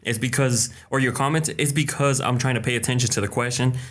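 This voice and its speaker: A young man chats casually on a live stream, calling out viewers by name one after another. He is relaxed and talkative, at an ordinary middle pitch, and mixes in quick Spanish greetings. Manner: drops in short Spanish greetings. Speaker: live-stream host answering viewer questions.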